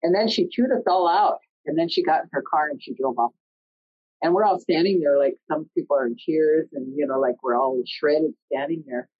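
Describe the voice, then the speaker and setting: A middle-aged woman telling a personal story in an earnest, conversational way, often pausing mid-sentence. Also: low voice, slightly rough. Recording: dull lo-fi recording.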